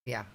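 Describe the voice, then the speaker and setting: A woman co-hosting a reaction video who answers with dry, groaning remarks. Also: a bit bright. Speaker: co-host.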